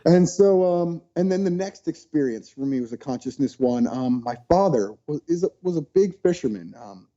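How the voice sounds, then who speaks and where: A man being interviewed on a podcast, telling childhood stories in an animated way and acting out what people said. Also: a little high, normal speed, few pauses, dull audio. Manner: animated storyteller, acts out quotes. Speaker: podcast guest. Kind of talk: casual storytelling interview.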